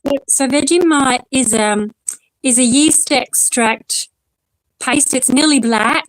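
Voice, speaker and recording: A woman's voice: high-pitched, takes it slowly, dry recording, poor audio. An Australian woman chatting casually as co-host and explaining things at length. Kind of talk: casual chat.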